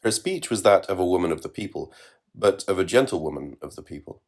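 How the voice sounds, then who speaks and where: A man narrating literary fiction in a measured, wry reading. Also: low voice, animated, a little mellow.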